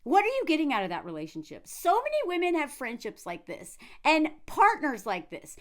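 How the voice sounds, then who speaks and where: A young adult woman giving blunt, animated reaction commentary with quick asides. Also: sits high. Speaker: commentary vlogger.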